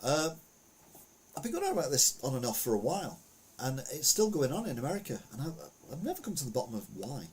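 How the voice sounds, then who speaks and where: Brief: male podcast host, husky, mid pitch, rambling casual commentary. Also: big pitch swings, fast talker, darkish tone. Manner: rambling, chatty, frequent fillers and asides.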